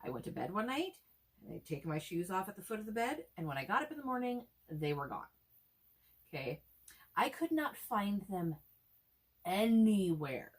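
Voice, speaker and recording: A woman in her forties spins stories in a relaxed chat, animated and blunt, with the odd curse word. Her pitch sits mid-range for a woman. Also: normal speed, husky. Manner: animated storyteller, swears freely. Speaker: co-host. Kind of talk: casual chat.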